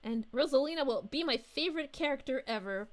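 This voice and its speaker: A sweet, bubbly young princess, played by a woman, gushes over her fans in a high, bright voice that swoops up and down. She keeps sighing "aw" and giggling as she reads chat on a live stream, effusive and warm in character. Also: lively intonation, brisk. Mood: cheerful. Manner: gushing, effusive, frequent giggles and "aw"s. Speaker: VTuber streamer.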